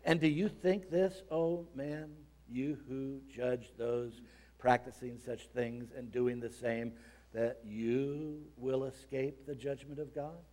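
Taking it slowly with fairly even intonation, a man preaches by reading scripture aloud and explaining it. He drops low and quiet, then builds to dramatic shouted peaks.

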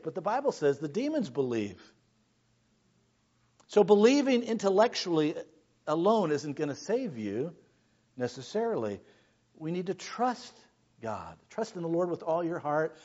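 A man preaching a sermon, swinging between hushed lines and shouted ones. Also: high voice, sing-song, normal speed, dull audio. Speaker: pastor.

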